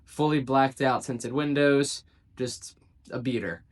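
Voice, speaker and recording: A man's voice: mid-range voice, fairly even intonation, slow pace. A man, a real estate agent, casually tells a story to camera. He acts out the quoted dialogue and drops dry, sarcastic asides. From South Jersey, United States.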